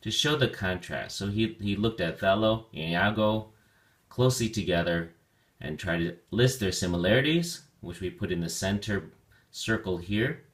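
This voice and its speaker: A man with a very low voice teaches a vocabulary lesson. He talks slowly and with care, and he stretches out the key words so learners can follow along. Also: a bit bright.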